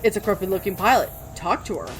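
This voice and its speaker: A woman's voice: mid-range voice, quick pace, faint music behind. A woman hosting a let's play, chatting casually and swearing freely while she reads the game's dialogue aloud. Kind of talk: gameplay commentary.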